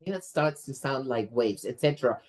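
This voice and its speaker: A teacher trainer with a very deep voice leads a lively workshop for teachers. She's animated and expressive, frequently tossing in a quick "right?" to check that everyone is following.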